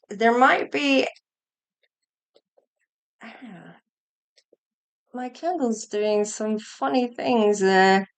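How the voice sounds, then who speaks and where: A woman's voice: mid-range voice, clear, resonant tone. A woman giving a collective tarot reading, musing aloud as she turns over each card. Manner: slow, musing, thinking aloud between cards. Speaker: tarot reader.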